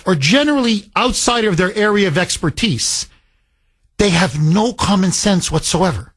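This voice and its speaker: A middle-aged man runs his talk radio show in a husky, slightly higher voice. He rambles emphatically, circling back with fillers and restarts. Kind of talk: talk radio monologue and caller exchange.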